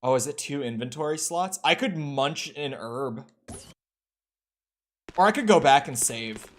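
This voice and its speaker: A man streaming a game, chatting casually, reacting aloud and answering his chat, with sudden loud outbursts. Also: fairly high pitch, animated, measured pace. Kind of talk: casual let's-play commentary.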